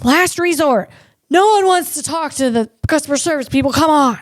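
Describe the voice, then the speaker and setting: High-voiced woman comedian on a podcast. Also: moderate pace, no echo, studio quality. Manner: animated, stumbling over words, acts out voices. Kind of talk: comedic tech commentary.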